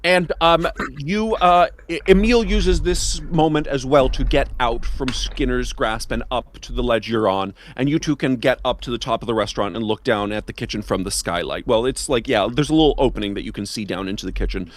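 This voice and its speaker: A man's voice: mid-range voice, slight background noise. Man running a tabletop game. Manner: halting, many fillers and restarts. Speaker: game master.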